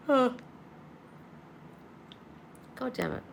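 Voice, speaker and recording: A woman's voice: mid-range voice, narrow, tinny audio. Tired, blunt woman coach calling everyone darling. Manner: casual, blunt, calls listeners darling. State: tired and yawning. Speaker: manifestation coach. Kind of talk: livestream Q&A.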